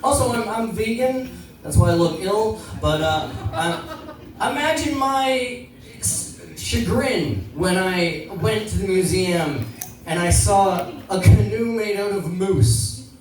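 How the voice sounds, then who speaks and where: A man's voice: high voice, lively intonation, slow, slight background noise. A man doing a rambling, self-deprecating stand-up set full of swearing and crowd work. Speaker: stand-up comedian. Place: small comedy venue. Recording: echoey room from far off, crowd audible.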